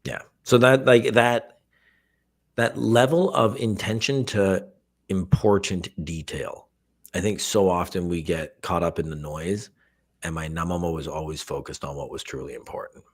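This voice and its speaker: A man guest on a live chat, speaking in a reflective, halting way with pauses. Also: sits low, fairly even intonation. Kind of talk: casual chat.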